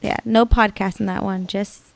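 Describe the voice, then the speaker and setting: A young woman co-hosting a podcast in casual chat, full of "like" and quick laughing asides. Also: mid-range voice, fairly even intonation, gravelly, dry recording. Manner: chatty, lots of "like" and laughing asides. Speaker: podcast co-host.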